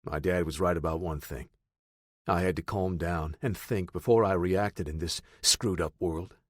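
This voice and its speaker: A man reading a first-person audiobook in a steady, low-key storytelling manner. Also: moderate pace, no echo, clean studio sound. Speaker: audiobook narrator.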